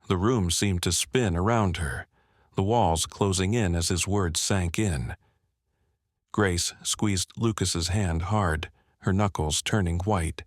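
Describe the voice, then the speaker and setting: A man with a very deep voice narrates a scripted story at a measured, even pace. The sound is dry and close, with no room echo. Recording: dry close-miked voice-over.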